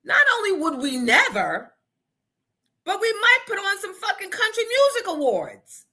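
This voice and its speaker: A woman hosting a morning show, telling stories in a blunt, profane, animated way. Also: very high voice, measured pace. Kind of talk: casual opinion talk.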